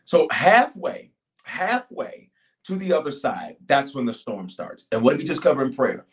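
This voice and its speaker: A middle-aged man preaching and praying on a livestream, calling out to his audience with bursts of shouting and quiet asides. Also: mid-range voice, normal speed. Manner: energetic, call-and-response, shifts from shouting to quiet. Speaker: pastor. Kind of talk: livestreamed sermon and prayer.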